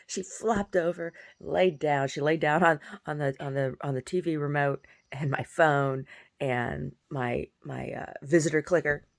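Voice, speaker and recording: A woman, a painter and poet, chatting casually and at length, rambling softly with many restarts. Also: low-pitched, fairly even intonation, a little slow, gravelly, no room sound. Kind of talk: casual monologue.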